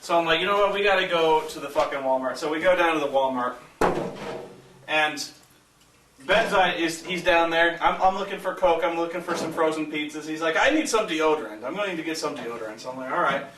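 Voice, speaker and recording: A man hosting a vlog, telling a story casually with swearing, laughing and animated mimicry of a friend. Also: a little high, fairly quick, crowd noise. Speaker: vlog host. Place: hotel room. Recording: echoey room, distant mic, faint noise.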